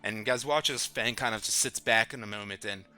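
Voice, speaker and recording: A man with a very bright, forward voice narrates a tabletop game as dungeon master. He describes rooms and treasure at an easy pace, slipping in fillers as he goes, with faint music playing underneath. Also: fairly low pitch, a little fast. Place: home streaming setup.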